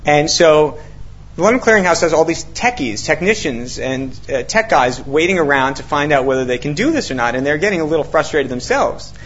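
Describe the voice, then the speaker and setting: A man's voice: a little high, brisk, slight background noise. A man telling a long story to an audience, acting out what people said, with many fillers and restarts. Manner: animated, acts out quotes, many fillers and restarts. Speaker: author speaking to an audience. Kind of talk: storytelling talk with quoted dialogue. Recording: dull lo-fi recording.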